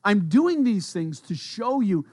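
A man's voice: high voice, very animated, a little slow, a little mellow, dry recording, clean studio sound. A man preaching a sermon as a pastor, conversational, with playful asides and repeated words as he thinks aloud.

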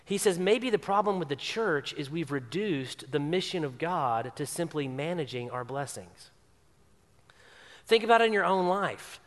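A man's voice: a little high, lively intonation, normal speed, big-room sound. A man preaching a sermon, emphatic, repeating phrases for weight. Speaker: pastor.

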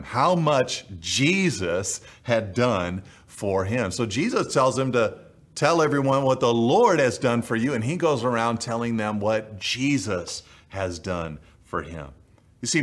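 A man preaching a sermon, earnest and emphatic, repeating key phrases for weight. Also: on the low side. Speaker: pastor.

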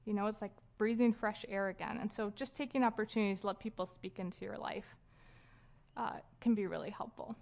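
A woman's voice: mid-range voice, fairly even intonation, fairly quick, creaky, a little mellow. A woman in her thirties giving a casual sermon at a church gathering, talking conversationally with fillers and light laughs. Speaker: speaker leading a church gathering. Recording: dull lo-fi sound.

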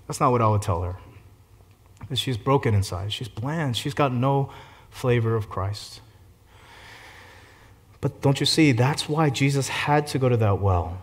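Male pastor delivering a sermon, mid-pitched, moves between soft gentle stretches and rising fervent peaks. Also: moderate pace. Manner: swings between gentle hushed passages and loud fervent climaxes.

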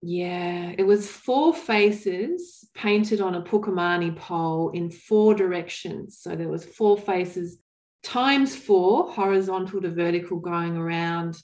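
A woman's voice: lowish voice, darkish tone. Earnest woman, echoey room. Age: 40s. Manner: earnest, thoughtful, with frequent pauses and restarts. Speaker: guest. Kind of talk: reflective interview storytelling.

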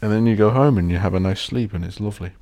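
Guy, deep voice, swearing, rambling solo podcast host. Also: very fast, dark tone. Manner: swears a lot, rants and mocks posh voices.

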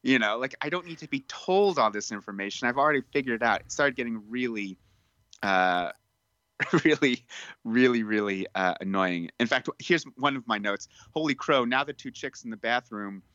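A man's voice: mid-range voice, expressive, normal speed, a bit bright, clear, resonant tone, no room sound, muffled recording. A man co-hosting a casual podcast, talking about a movie in a chatty way, full of fillers. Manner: chatty, filler-heavy, reading from notes. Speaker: podcast co-host. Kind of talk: casual film review chat.

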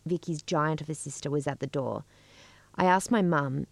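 A middle-aged woman telling a personal story in a measured, wry way. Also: low voice, creaky, dry recording. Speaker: storyteller and podcast co-host.

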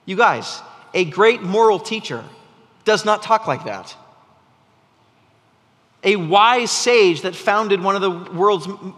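A man's voice: high voice, pushed and bright, in a large hall. A man preaching a sermon to his congregation in a conversational, storytelling way, often restarting his sentences. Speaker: pastor. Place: church sanctuary.

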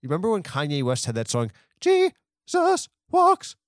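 A man hosting a comedy podcast, rambling through absurd asides in a deadpan manner. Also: mid-range voice, racing, no echo, studio quality. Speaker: podcast host.

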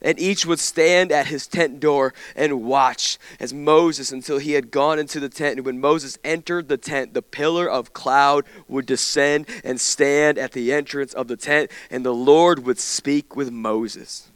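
Fervent pastor, clear voice. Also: male voice, medium pitch, fairly even intonation, unhurried, hardly any pauses, no room sound. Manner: impassioned, builds to fervent declarations in prayer. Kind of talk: sermon with scripture reading and prayer. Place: church sanctuary.

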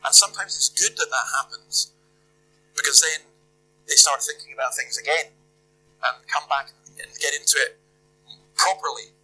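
A man's voice: on the high side, normal speed, pauses often, sharp tone, faint music behind, rough recording. A man preaching a sermon in a conversational, emphatic way, firing off rhetorical questions. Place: church.

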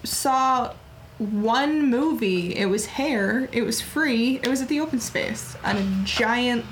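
A woman's voice: a little high, slow pace, a little hiss or hum, low-quality recording. A woman from Michigan in casual chat, giving dry, teasing, short replies. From Traverse City, Michigan.

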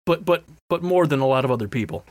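An American man on a podcast, making dry, deadpan jokes in casual chat. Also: a little high, fast, no room sound. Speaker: podcast co-host.

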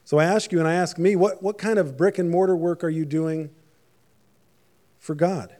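A male pastor preaching a sermon in a casual, conversational way. He slips in jokes and asides to his listeners. His voice sits a little higher than usual for a man. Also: steady tone, moderate pace, warm tone.

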